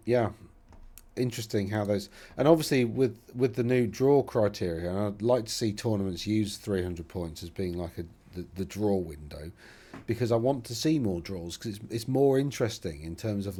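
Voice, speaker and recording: A man's voice: on the low side, warm tone. A man hosting a casual commentary, rambling and thinking aloud with self-deprecating asides as he browses results. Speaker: host.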